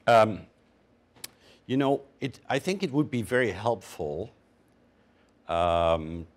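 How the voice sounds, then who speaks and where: Male panelist, measured and halting, animated intonation. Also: lowish voice. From Canada. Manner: measured, hesitant with fillers. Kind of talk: panel discussion answer.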